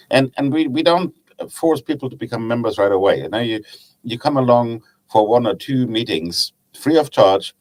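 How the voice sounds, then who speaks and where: A middle-aged man with a German accent, a fairly low pitch, and a darkish tone chats casually as a podcast guest about his woodturning club. He's chatty and tells stories, with hesitant restarts and laughter at his own tales.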